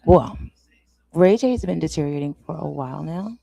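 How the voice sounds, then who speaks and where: Gravelly-voiced woman ranting on a livestream. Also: sits low, lively intonation, brisk, mellow, dry recording. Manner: frustrated, swears, drops to whispers. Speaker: livestream host. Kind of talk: casual livestream rant. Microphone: desk microphone.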